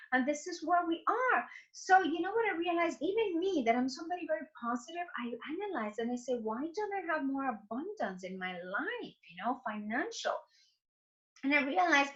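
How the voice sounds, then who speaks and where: A woman's voice: high-pitched, a bit bright, dull audio. A woman giving a fervent, chatty motivational Bible talk, speaking straight to her listeners. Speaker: inspirational faith speaker.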